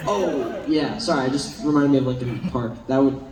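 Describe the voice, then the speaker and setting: Far off in a large, echoey convention hall with crowd noise around him, a young man speaks as a panel guest. His mid-range voice moves at a moderate pace as he tells rambling, animated stories and laughs often.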